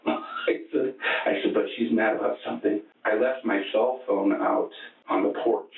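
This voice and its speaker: Rambling, halting male suspect, low voice, phone-like interview tape. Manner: rambling, halting, many restarts. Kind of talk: recounting events in a police interview. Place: police interview room. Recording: echoey, distant, phone-like interrogation room audio.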